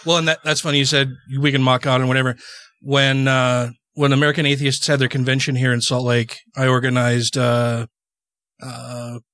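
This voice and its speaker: A man hosting a podcast, telling a story in a casual, animated way in a studio. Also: mid-range voice, normal speed, no room sound. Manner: animated, conversational. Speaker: podcast host.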